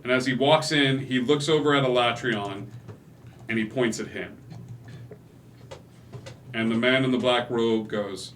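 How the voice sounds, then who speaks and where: A man's voice: mid-range voice, a little slow, pauses often, slight background noise. A man narrating as game master in a tabletop game, talking casually with many fillers. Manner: loose, filler-heavy narration that builds to loud excitement.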